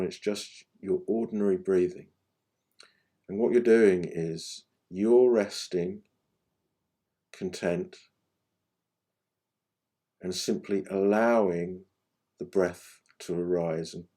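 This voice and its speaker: A man giving gentle, unhurried guided meditation instruction, his phrases often trailing off softly at the end. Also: low-pitched. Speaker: meditation teacher.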